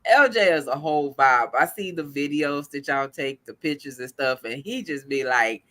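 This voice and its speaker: A woman's voice: low-pitched, moderate pace, fairly bright tone. A woman hosting a podcast, chatting casually and acting out family stories with lots of quoted dialogue. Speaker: podcast host. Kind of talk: casual chat.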